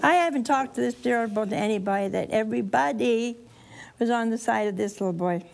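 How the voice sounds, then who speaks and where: A woman's voice: a little high, fairly quick, vocal fry, darkish tone. A woman preaching a storytelling sermon to a live audience, chatty and folksy, laughing at her own asides and acting out the characters.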